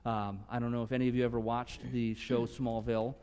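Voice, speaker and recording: A man preaching a sermon earnestly, swinging from emphatic conviction to soft, hushed moments. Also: mid-range voice, flat delivery, a little fast, smooth, in a large hall. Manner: earnest, rising to emphatic conviction, dropping to soft near-whispers. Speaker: pastor.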